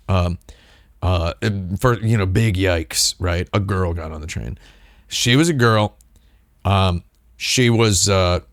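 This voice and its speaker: Low-voiced man spinning a rambling story. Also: dry recording, clean studio sound. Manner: rambling, digressive, wry asides. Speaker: livestream host. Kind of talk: casual storytelling on a livestream.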